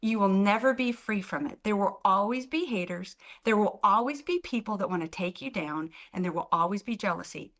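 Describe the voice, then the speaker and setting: A woman telling stories as a guest in an interview, animated and acting out the people in them. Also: mid-range voice, fairly quick, hardly any pauses. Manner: animated, acts out other people's voices. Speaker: guest, business founder. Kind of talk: storytelling in an interview.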